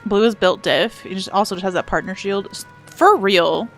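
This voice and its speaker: A woman streaming a game and chatting casually, excitable and joking, with frequent swearing. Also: medium pitch, moderate pace, soft background music. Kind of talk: casual livestream commentary while playing.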